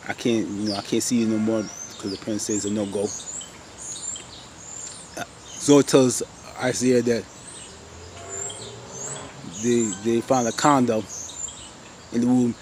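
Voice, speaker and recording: A man casually recapping a TV episode, animated, exclaiming and laughing as he retells the scenes. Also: mid-range voice, slight background noise. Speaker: TV episode reviewer.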